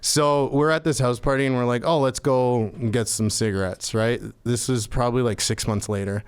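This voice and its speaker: A man guest on a podcast, telling a funny story in a casual, animated way. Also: medium pitch, moderate pace, clear, resonant tone. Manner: animated, acts out quoted voices. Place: podcast studio.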